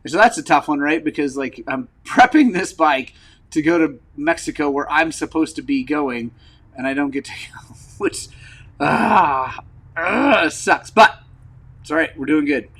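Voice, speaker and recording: A man hosting a motorcycle channel in casual rambling vlog chat, frank and frustrated, with lots of fillers and throat clearing, recovering from an injury. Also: fairly high pitch, normal speed, fairly bright tone, poor audio. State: recovering from injury, wearing a brace.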